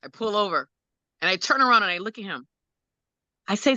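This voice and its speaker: A woman's voice: mid-range voice, animated, a little fast, pushed and bright, no room sound. A woman telling an emotional personal story as a guest parent, acting out quotes and laughing often. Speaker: guest, parent of an autistic son.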